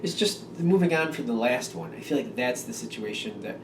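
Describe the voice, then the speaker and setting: A man's voice: medium pitch, animated, normal speed, distant mic, noisy background. A man giving a casual tarot reading, musing and rambling with many fillers and restatements. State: yawning, a bit drowsy. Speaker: tarot reader. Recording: roomy sound from off the mic.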